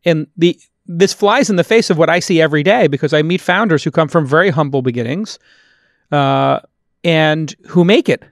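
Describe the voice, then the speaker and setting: A man's voice: fairly high pitch, normal speed, dry recording, clean studio sound. A man from Brooklyn with a Brooklyn accent, hosting a podcast in an emphatic, opinionated way. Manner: emphatic, opinionated, repeats points for stress. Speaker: podcast host. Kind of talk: casual podcast talk and host-read ad.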